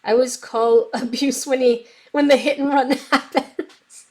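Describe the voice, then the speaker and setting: Over background noise, a young woman speaks in a high-pitched, steady tone at a measured pace. She's a craft YouTuber casually reading live chat on her stream while testing markers, with a slight bronchitis cough.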